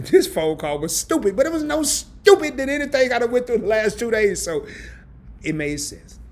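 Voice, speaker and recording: A man, hosting a casual live stream from his home and telling a story in an animated, laughing, colloquial way. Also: very high voice, moderate pace. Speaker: host of a travel and credit card channel.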